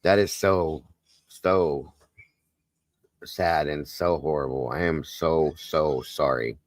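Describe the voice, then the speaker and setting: Guy hosting a live stream, real low voice, dry close sound, soft and comforting. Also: steady tone, slow pace, dry recording. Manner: soft, consoling, emotional. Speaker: livestream host. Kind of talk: live stream chat, reading comments.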